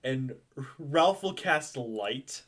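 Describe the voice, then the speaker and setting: A man's voice: mid-range voice, expressive, very slow, a bit bright. A young man running a tabletop game as game master, chatty and loose, laughing and swearing casually.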